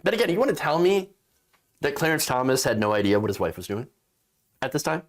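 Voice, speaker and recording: A man delivers opinion commentary on the news in a sarcastic, indignant tone. His voice sits a bit high and swings widely as he reacts to what he reads. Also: very animated, quick pace. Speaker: political commentator.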